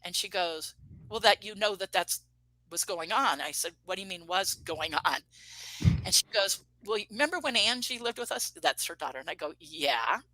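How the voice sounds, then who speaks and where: A woman in her fifties, an interview guest, telling a personal story in a casual, animated way. She acts out the quoted dialogue and often restarts her sentences. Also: medium pitch, moderate pace, no room sound, low-quality recording.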